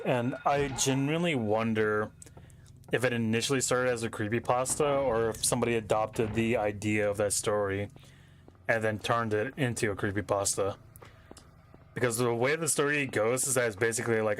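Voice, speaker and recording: A man's voice: medium pitch, steady tone, moderate pace, a bit bright, slight background noise. A young man streaming a game from home, thinking aloud in casual, rambling commentary as he reads puzzle text on screen.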